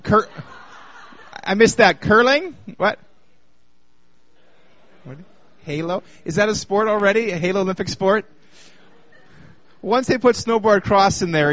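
A man from Canada in his thirties giving a personal testimony talk to a live group, joking with the crowd and then speaking more quietly about hard times. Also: high voice, no echo. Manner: lively and chatty with the audience, turning quieter while telling a hard personal story. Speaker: speaker at a youth gathering.

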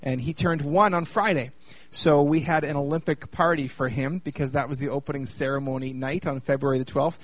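A man's voice: on the high side, fairly quick, few pauses. Chatty Canadian man sharing his story. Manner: lively and chatty with the audience, turning quieter while telling a hard personal story. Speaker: speaker at a youth gathering. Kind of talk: personal testimony talk to a live audience.

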